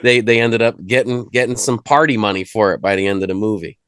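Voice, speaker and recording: Speaking fast in a lowish, steady voice that is clear, resonant, and a little bright, a male rapper rambles through a casual interview conversation. He's laid-back and jokey, often restarting and leaning on fillers. The sound is studio quality with no echo.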